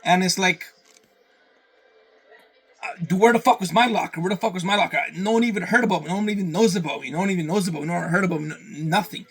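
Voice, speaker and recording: A man from Canada with a fairly high voice, ranting casually to the camera. He swears a lot, circles back on his own words and says the same lines again and again as he rambles on. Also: fast talker, fairly bright tone, husky. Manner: profane, rambling, repeats himself. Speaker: vlogger.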